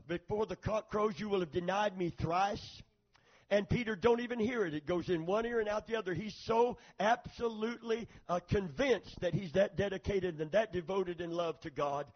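Male preacher, high husky voice, lively sermon delivery with amen call-outs, on a dull lo-fi recording. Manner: calls for amens, retells scripture with acted quotes.

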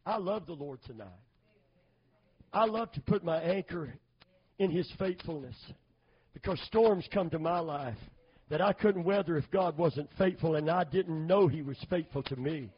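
A middle-aged man preaching a sermon, calling for amens and building to loud, fervent emphasis. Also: a little high, moderate pace, husky. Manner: call-and-response, asking for amens. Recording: dull lo-fi sermon recording.

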